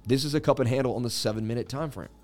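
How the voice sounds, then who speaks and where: A chatty, joking man running a live market-analysis stream. He riffs casually between chart talk and viewer questions, and his pitch sits at a plain middle. Faint music plays behind him. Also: rapid-fire. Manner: joking, chatty, reads viewer comments aloud. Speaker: crypto livestream host. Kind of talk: casual livestream market commentary.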